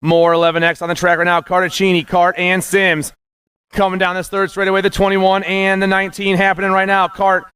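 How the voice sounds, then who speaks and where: A man calling live races as the announcer, excited and punchy, rattling off names and nicknames. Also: high-pitched, a little fast, clean tone, no room sound, clean studio sound. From USA. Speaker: race announcer. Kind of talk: live race commentary.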